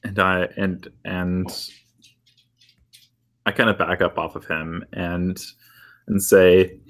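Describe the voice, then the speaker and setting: A man playing in a tabletop game, halting and dryly humorous. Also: low voice, little pitch movement, fairly bright tone. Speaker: player. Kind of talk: casual tabletop role-play.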